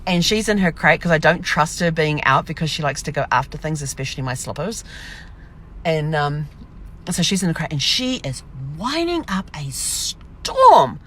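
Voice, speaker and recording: A woman's voice: low voice, sing-song, moderate pace, a bit bright, a little hiss or hum. A woman telling a rambling, casual diary vlog from her camper, acting out her own remarks as she goes. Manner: rambling storyteller, acts out her own quotes. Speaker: vlogger.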